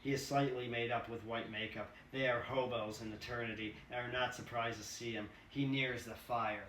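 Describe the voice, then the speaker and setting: A man's voice: mid-range voice, fairly even intonation, normal speed, fairly bright tone. A man reading a screenplay aloud with casual, profane asides. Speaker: reader. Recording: roomy, distant mic, faint hiss.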